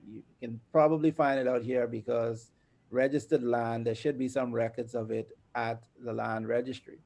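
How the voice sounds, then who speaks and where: A man walks through inheritance law. He speaks in a measured way, often pauses on "um", and breaks into small laughs. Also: medium pitch, fairly even intonation, creaky, darkish tone. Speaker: lawyer guest. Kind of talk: explaining property law in a casual chat.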